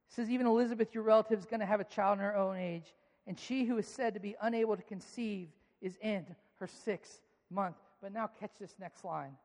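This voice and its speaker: A man's voice: sits high, brisk, darkish tone. A man preaching a sermon to a live congregation, playfully coaxing them to clap and repeat phrases back. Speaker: pastor. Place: large church auditorium with a live congregation. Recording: long reverb of a large hall.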